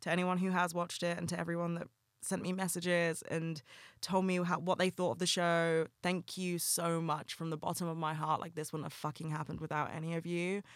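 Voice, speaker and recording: A man's voice: on the high side, fairly bright tone, clean tone, dry recording, studio quality. A young man hosting a solo podcast, talking candidly and earnestly and swearing casually. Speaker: podcast host.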